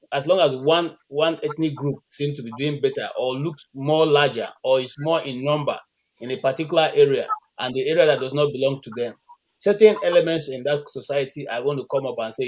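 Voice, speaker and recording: A man's voice: mid-range voice, darkish tone. A Nigerian man on an online panel call, making a point earnestly with many restarts and fillers. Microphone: video call.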